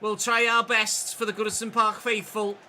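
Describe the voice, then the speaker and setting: A man's voice: high-pitched, flat delivery, moderate pace, sharp tone. A man doing a put-on Scouse accent as a football commentator announcing the lineups. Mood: upbeat. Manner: announcing lineups like a match-day presenter. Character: upbeat Liverpool-accented male football commentator.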